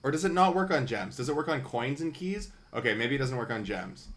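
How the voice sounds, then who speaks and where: A man streaming a video game live, chatting casually and thinking out loud with wry asides. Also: medium pitch, expressive, a little fast, hardly any pauses.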